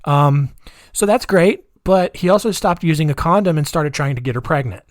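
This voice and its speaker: A male podcast host narrates a true-crime case in a loose, chatty way. His voice sits a little on the high side, and he peppers the story with fillers and side comments. The sound is close-miked and dry, with no room. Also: normal speed, dry recording. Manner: conversational, with filler-heavy asides.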